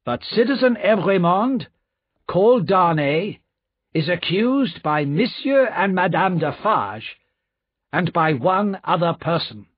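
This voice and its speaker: Man playing a rough commanding guard, loud, high, demanding, slow. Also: lively intonation, no echo, full character voice. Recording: dull lo-fi recording.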